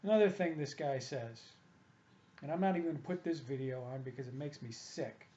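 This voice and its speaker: A man's voice: medium pitch, a little fast, warm tone, dull audio. A man, a hitting coach, delivering a combative, opinionated monologue that keeps circling back to the same complaints. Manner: combative, ranting, repetitive.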